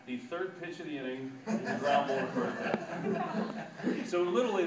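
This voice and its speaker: A man, a sportscaster, giving an animated storytelling talk to students and acting out quotes with loud bursts. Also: fairly high pitch, fairly quick. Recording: echoey room, distant mic, background noise.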